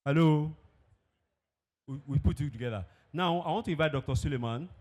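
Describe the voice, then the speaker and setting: A man's voice: fairly high pitch, quick pace. A man presenting at an industry event in a hall, emphatic, often posing questions and answering them himself. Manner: emphatic, asks and answers his own questions. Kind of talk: conference presentation.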